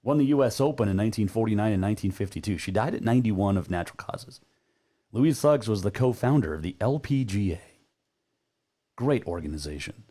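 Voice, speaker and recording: A man's voice: on the low side, lively intonation, a little fast, dark tone. A man hosting a sports talk radio show, chatting casually and rambling a bit with plenty of filler words.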